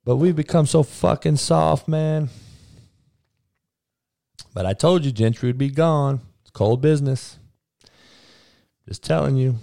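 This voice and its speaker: A man, a coach, launches into a heated, preachy rant full of profanity, blunt and forceful in his points. His voice sits at an ordinary middle pitch. The recording is dry and close, with no room sound. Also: unhurried, gravelly, pauses often, no room sound. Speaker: coach and podcaster.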